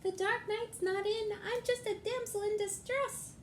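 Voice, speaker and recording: A woman's voice: very high voice, steady tone, measured pace, roomy sound, a little hiss or hum, voice pushed up. A woman doing a sly crocodile villainess. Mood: mock-sweet.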